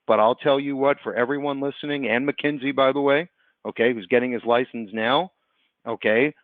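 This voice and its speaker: A man's voice: medium pitch, dry recording. A man telling a story to insurance agents in an earnest way, checking in with "okay" and "right" as he talks. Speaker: insurance agency host. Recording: dry tinny phone-like audio.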